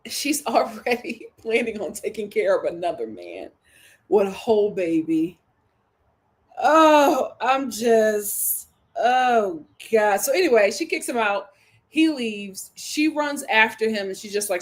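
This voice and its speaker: A woman's voice: medium pitch, sing-song, takes it slowly. A woman hosting a reality TV recap, blunt and dramatic, acting out quotes in voices. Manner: blunt, sassy humor. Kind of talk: animated solo commentary.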